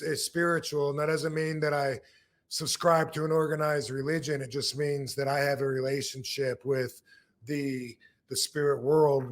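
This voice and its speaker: A man in his fifties from Michigan tells a rambling story on a casual podcast. His voice sits a little high, and he repeats words as he goes and acts out quotes from his youth. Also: fairly bright tone. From Michigan, USA. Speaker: podcast host, former wrestler.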